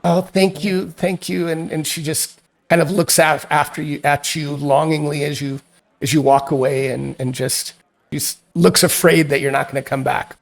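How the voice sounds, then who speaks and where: A man running a tabletop role-playing game as game master, narrating in a loose, halting way with frequent restarts. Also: a little high, little pitch movement.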